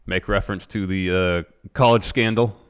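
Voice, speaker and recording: Man, podcast co-host, casual chat, plain quick run-downs, very deep voice. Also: steady tone, smooth. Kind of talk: casual wrestling recap chat.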